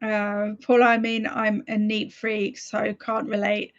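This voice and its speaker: A woman's voice: medium pitch, completely flat delivery, slow, muffled recording. A woman hosting a reading livestream, chatting casually and giggling as she reads out viewer comments. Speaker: streamer hosting reading sprints.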